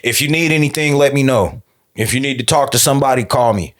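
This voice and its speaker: A man's voice: medium pitch, fast talker, fairly bright tone. A man guesting on a podcast, telling a personal story in a laid-back way with lots of fillers. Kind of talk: casual interview talk.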